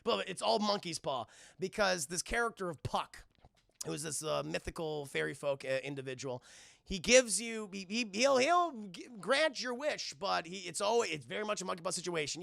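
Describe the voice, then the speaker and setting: A man's voice: high voice, expressive, normal speed, gravelly, fairly bright tone, no echo, clean studio sound. A man reviewing a cartoon on a live stream, rambling and swearing as he talks to his chat. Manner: rambling, profane, keeps addressing the chat. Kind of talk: casual livestream recap.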